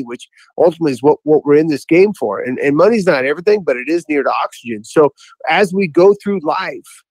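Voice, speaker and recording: Calling in to a podcast, a man with a slightly high voice tells a story in a rambling, enthusiastic way and keeps restarting. It's a casual chat, with poor audio and no echo.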